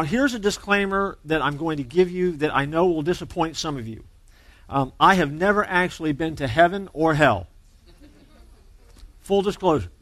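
A man's voice: high voice, fairly bright tone, no echo. A man preaching a sermon as pastor, conversational and joking as he tells a story.

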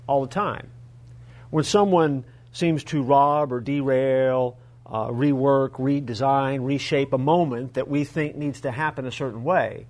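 Animated male preacher with a higher voice. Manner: animated storytelling with humorous asides. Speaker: pastor. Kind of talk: sermon.

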